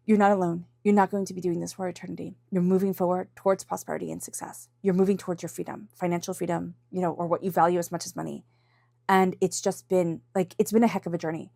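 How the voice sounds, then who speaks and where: A woman's voice: fairly low pitch, steady tone, fast talker, creaky, warm tone, no echo, clean studio sound. A woman giving an intuitive tarot reading in a casual, encouraging way, with lots of fillers and restarts, acting out inner voices in quotes. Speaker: tarot reader.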